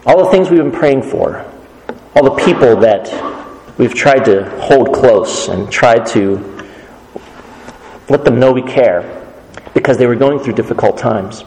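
A man preaching a sermon as pastor, earnest and measured, quoting scripture as he goes. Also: medium pitch, animated, a little mellow, echoey room, in a large hall, rough recording.

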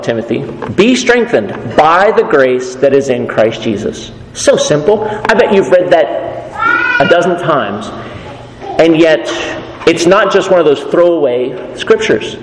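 A man's voice: a little high, measured pace, slight background noise. Preaching man in an echoey hall. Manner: animated, shifting between earnest and emphatic delivery. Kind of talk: sermon. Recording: echoey hall with room ambience.

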